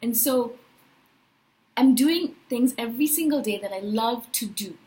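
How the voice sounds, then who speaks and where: A woman in her thirties talking in a personal spiritual vlog, animated and emphatic, often checking in with "right?". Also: a little high, unhurried, poor audio. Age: 30s. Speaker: vlogger.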